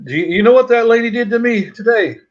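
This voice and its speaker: A man's voice: very high-pitched, lively intonation, quick pace, lo-fi sound. A man telling jokey stories in a casual livestream chat, often repeating his words. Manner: joking storyteller, repeats himself. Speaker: livestream guest. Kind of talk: casual banter.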